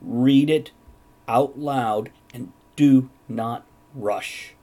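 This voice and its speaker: A man's voice: medium pitch, drawn-out words, dark tone. A man hosting a casual panel chat, jokey and upbeat as he steers the talk. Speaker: host.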